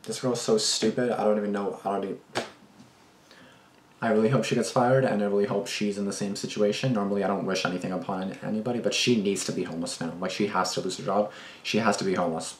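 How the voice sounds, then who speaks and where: Deep-voiced man doing a reaction video, indignant and rambling in his outbursts, cursing freely between comments. His voice sits very low and bounces around a roomy, echoey space. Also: steady tone, fast talker, slight background noise.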